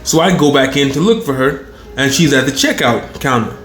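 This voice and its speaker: A man in his thirties telling a long personal story in a rambling, profane, animated way. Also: mid-range voice, normal speed, soft background music. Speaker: channel host. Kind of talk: casual storytelling monologue. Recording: roomy echo.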